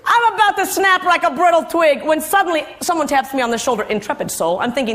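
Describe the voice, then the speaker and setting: A woman's voice: high voice, lively intonation, fast, fairly bright tone, a little hiss or hum. A middle-aged woman telling a story before a live audience, with playful asides to the crowd.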